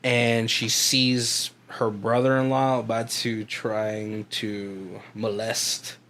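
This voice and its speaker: A man's voice: lowish voice, little pitch movement, takes it slowly, fairly bright tone. A man co-hosting a movie podcast in casual chat, rambling and laughing often as he recaps. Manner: rambling, laughs often, swears, puts on voices for quotes. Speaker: podcast co-host.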